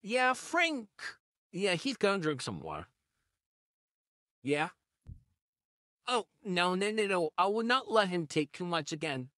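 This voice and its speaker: A man voicing a creepy four-armed caterpillar vampire in a listener role-play audio, coaxing and hushing the listener. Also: sits high, sing-song, takes it slowly, long pauses, no room sound, clean studio sound, exaggerated voice. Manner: coaxing, hushing, shushing softly.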